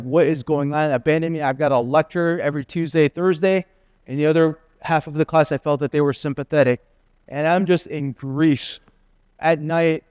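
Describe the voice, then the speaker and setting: A man in his fifties preaching as a guest speaker, telling a personal story in a slow, earnest, confessional way. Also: a little high, a little mellow, clean tone, no room sound, clean studio sound.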